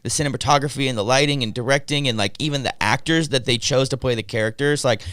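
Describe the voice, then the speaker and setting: A man's voice: mid-range voice, fast talker, fairly bright tone, dry recording. A young man co-hosting a podcast, rambling in casual chat with lots of fillers. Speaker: podcast co-host.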